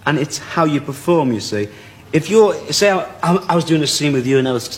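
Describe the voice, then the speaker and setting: A man's voice: a little high, lively intonation, quick pace, hardly any pauses, a little hiss or hum. A man appearing as a comedian guest on a talk show, clowning and giggling with mock-humble asides. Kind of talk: playful talk show banter.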